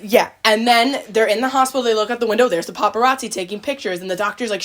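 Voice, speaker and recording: A woman hosts a podcast in relaxed, casual chat. She rambles through a retelling, full of likes and quick quoted voices. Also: a little high. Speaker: podcast host.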